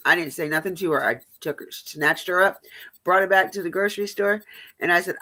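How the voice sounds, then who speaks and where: A woman's voice: on the low side, brisk, bright, forceful tone. A woman hosting a live stream, telling blunt, profane stories in casual chat.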